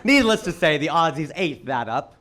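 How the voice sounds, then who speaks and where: An American man performing a stand-up comedy routine on stage, animated and exclaiming his punchlines. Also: fairly high pitch, moderate pace, some chatter behind. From United States. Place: comedy stage before a live audience.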